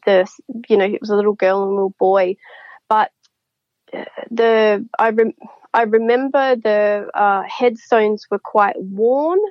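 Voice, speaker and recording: A woman's voice: medium pitch, no room sound. A woman telling a story as a podcast guest, chatty and rambling, laughing often. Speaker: psychic guest. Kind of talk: casual storytelling. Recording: dull lo-fi, dry.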